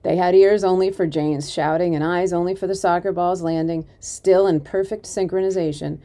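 A woman reading a children's chapter book aloud, her voice low and mellow. She tells the story expressively, dipping soft now and then for effect. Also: fairly even intonation, moderate pace. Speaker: community volunteer reader.

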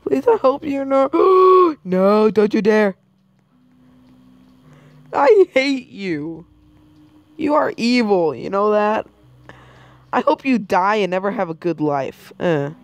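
Girl gaming, gasps a lot, voice jumps all over, slow talker. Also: mid-range voice, animated, dry recording. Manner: jumpy, gasping, yelling at game characters. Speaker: gamer. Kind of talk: game commentary.

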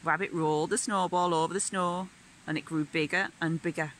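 A woman reading a picture book aloud to young children in a gentle, sing-song manner. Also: on the low side, fairly even intonation, fairly quick, slight background noise, poor audio. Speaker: children's storyteller.

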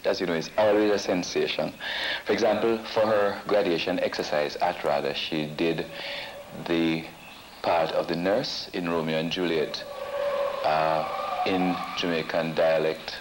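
Deep-voiced man recalling the past. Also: fairly even intonation, a little slow, background noise. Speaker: interviewee recalling a colleague. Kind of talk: recollection in a documentary interview.

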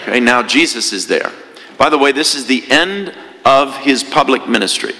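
Guy priest preaching, bright tense voice, echoey church, lots of "right?" questions. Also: mid-range voice, animated, moderate pace. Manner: conversational preaching with rhetorical questions. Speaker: parish priest. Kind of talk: sermon.

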